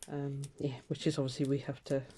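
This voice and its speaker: An older woman rambles through a casual catch-up as she stitches, her voice mellow and soft-edged. She drifts between topics with plenty of fillers and light laughter. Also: rumbling low, slight background noise. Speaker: craft vlogger. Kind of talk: casual chat while stitching.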